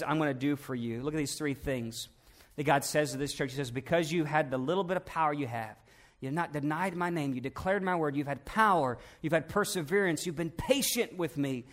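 A male pastor with a high-pitched voice delivers a sermon to his congregation. He talks to them directly with questions. His delivery rises to loud emphatic peaks, then sinks to a hushed, intimate near-whisper.

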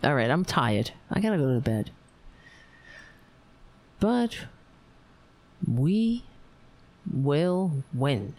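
An overtired woman hosting a livestream, rambling warmly to her viewers and signing off. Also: sits low, big pitch swings, very slow, pauses often. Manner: rambling, emotional, talks to viewers. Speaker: livestream host. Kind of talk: casual late-night livestream sign-off.

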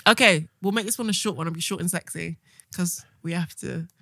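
Young woman, bright voice, quick talker, dry close sound. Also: lowish voice, gravelly, no echo. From England. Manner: animated storytelling with acted quotes. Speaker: podcast co-host. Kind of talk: casual chat.

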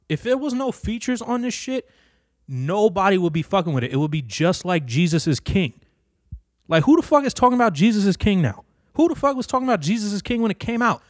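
A man's voice: high voice, no room sound, studio quality. A man in a heated, profane casual rant, repeating himself and swearing often as he gives his opinions. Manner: profane, heated, repetitive ranting.

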